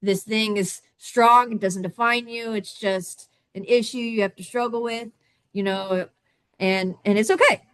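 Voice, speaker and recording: A woman in her thirties speaking on a video call, telling her own story in a halting way with many restarts and repeated words. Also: on the high side, fairly even intonation, a bit bright, no echo. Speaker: summit guest speaker. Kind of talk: candid personal storytelling.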